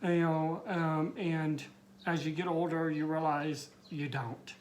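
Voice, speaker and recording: A middle-aged man tells his own coming-out story, slowly and haltingly. He stumbles over fillers and restarts his sentences, and he is teary as he speaks. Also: fairly high pitch, fairly even intonation, a little hiss or hum.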